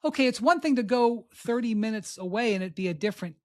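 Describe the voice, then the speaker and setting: A man hosting a podcast remotely from abroad, telling a story in a casual, animated way and acting out what others said. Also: sits high, fast talker. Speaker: podcast host.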